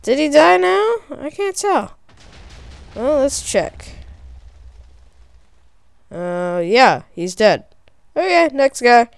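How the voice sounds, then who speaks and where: A woman narrates her game in high, animated bursts, swearing and shrieking when panicked. She talks at an unhurried pace, and the sound is dry and close to the mic. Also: vocal fry, no room sound. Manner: excitable, profane, shrieking in panic. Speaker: gamer. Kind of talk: let's play commentary.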